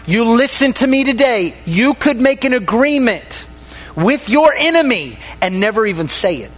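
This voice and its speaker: A man preaching a sermon to a congregation, pausing dramatically, dropping his voice on key words and calling for responses. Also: very animated. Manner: dramatic pauses, drops voice low on key words.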